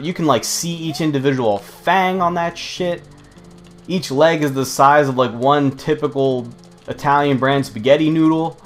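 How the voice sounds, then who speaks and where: Young man, casual game commentary, rambling and profane, mid-pitched voice, faint music underneath. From United States. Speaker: let's play host.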